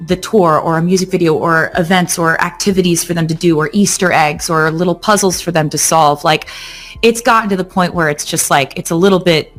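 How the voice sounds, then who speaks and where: A woman singer, a podcast guest, telling stories in a casual, animated way with many fillers like "like" and "um.". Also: on the low side, a little fast, faint music behind. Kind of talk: casual chat.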